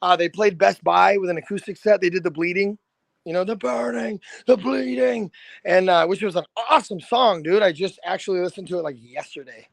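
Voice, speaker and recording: A man, a rock band's lead singer, telling stories as a podcast guest in a loose, animated way, swearing freely and saying "dude" a lot. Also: high-pitched, a little fast, gravelly, dry recording. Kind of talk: casual storytelling.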